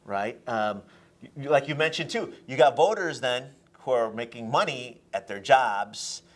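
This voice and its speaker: A man hosting a political talk show, arguing his points in an animated way and laughing between them. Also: medium pitch, unhurried.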